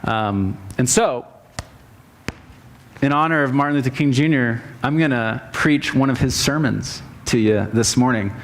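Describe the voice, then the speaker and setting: A man's voice: mid-range voice, unhurried, slight background noise. A man, a pastor, speaking casually to his congregation before reading a sermon aloud with rising emphasis. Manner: conversational, with fillers, then reads a sermon in a rising, emphatic tone. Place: church sanctuary.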